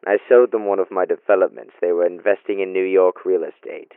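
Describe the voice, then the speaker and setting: A man's voice: low voice, fairly even intonation, fairly quick, clean tone, no echo, phone-quality sound. An actor playing a defensive landlord under interrogation, who blusters and stammers his denials. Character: defensive middle-aged male landlord suspect.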